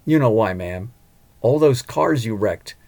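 A man reading a storybook voices a calm, polite and loyal chauffeur. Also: fairly low pitch, unhurried, gravelly, exaggerated voice.

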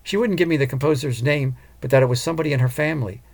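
A man's voice: medium pitch, racing, lightly acted. A man voicing an earnest, determined woman opera singer and mother in an audiobook. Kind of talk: audiobook character voice.

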